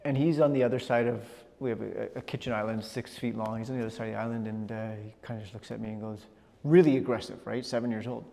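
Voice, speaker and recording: A middle-aged man giving a personal storytelling talk, animated, often repeating words as he gathers his thoughts. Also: on the low side, quick pace, creaky. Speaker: speaker. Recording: long hall reverb.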